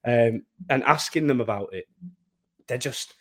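A man's voice: medium pitch, unhurried. A young man co-hosting a podcast, rambling through his thoughts and laughing often at himself. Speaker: podcast co-host. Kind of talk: casual chat.

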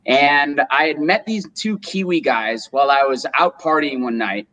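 Animated young man telling his story. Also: fairly high pitch, moderate pace, muffled recording. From Rochester, New York, US. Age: 20s. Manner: animated storyteller, acts out quotes. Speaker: guest, solar business owner. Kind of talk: casual storytelling interview.

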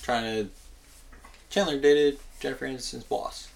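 A man's voice: medium pitch, steady tone, moderate pace, vocal fry. A man co-hosting a podcast, bantering in a jokey, exasperated way. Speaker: podcast co-host. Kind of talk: casual chat.

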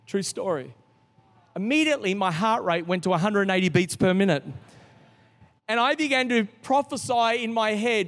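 A middle-aged man preaching a sermon as a pastor, telling a story with lively restarts. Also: high-pitched, moderate pace. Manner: storytelling, animated, with frequent restarts. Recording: long reverb of a large hall.

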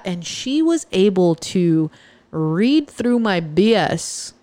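A woman's voice: medium pitch, sing-song, slow pace, warm tone, dry recording. Chatty woman, dry close sound. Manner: chatty, joking, self-interrupting. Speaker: podcast host. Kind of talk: personal storytelling monologue.

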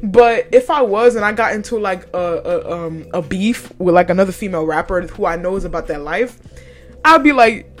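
A woman's voice: mid-range voice, moderate pace, faint music behind. A young woman hosting a podcast, chatting casually with lots of swearing and frequent laughter. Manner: profane, animated, laughs often. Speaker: podcast host. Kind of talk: casual chat.

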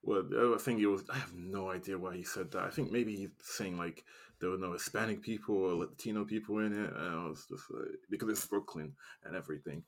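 A man with a very low, husky voice chatting about films in a relaxed way. He hesitates often with fillers and laughs easily. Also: a little fast, hardly any pauses. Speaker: podcast co-host. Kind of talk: casual chat.

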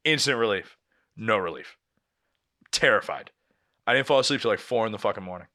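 A man's voice: on the low side, fairly quick. A young man casually telling a story on a podcast, swearing freely and acting out what people said. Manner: animated storyteller, swears a lot, acts out quotes. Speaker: podcast co-host.

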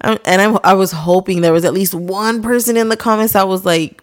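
A woman's voice: mid-range voice, fairly even intonation, brisk, few pauses. A young adult woman co-hosting a podcast, ranting in casual profane chat. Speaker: podcast co-host.

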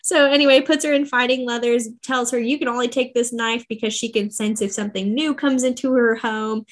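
A young woman co-hosting a podcast, retelling a novel's plot in casual, slangy chat with quick voices for the characters. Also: on the high side. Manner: animated, slangy storytelling with quick character asides. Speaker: podcast co-host. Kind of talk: casual book recap chat.

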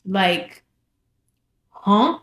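A woman's voice: medium pitch, drawn-out words. Young woman telling her story, echoey room. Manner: animated storytelling, repeats phrases for emphasis. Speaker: vlogger sharing her testimony. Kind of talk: casual personal testimony.

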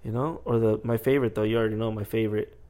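A man's voice: fairly even intonation, racing, dark tone. A young man in casual chat, telling jokey stories about his work as a store manager and putting on customers' voices. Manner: jokey storyteller, acts out customers with high voices.

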